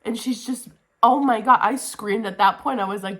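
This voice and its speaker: A young woman book vlogger talking to her camera at home in a casual reading wrap-up, gushing and excitable, swearing casually and repeating herself. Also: mid-range voice, normal speed. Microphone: camera mic, talking to camera.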